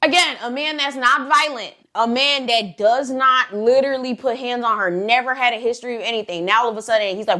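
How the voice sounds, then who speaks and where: A woman's voice: on the high side, moderate pace, fairly bright tone. Chatty slangy woman telling a story. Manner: chatty, slangy, lots of "like" fillers, swears freely. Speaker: storytime channel host. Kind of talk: casual storytelling to camera.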